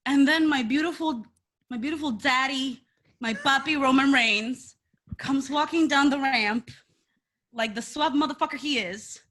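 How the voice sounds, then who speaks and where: Woman, podcast co-host, casual chat, playful, high bright voice, gushing. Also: measured pace, slight background noise. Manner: playful, swearing, gushing, laughs often.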